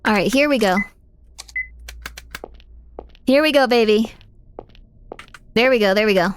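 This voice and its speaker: Woman, streamer, fairly high voice, chatty, reacts to chat while gaming. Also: brisk, slight background noise. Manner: chatty, reads and answers chat while playing. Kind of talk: live gaming stream commentary.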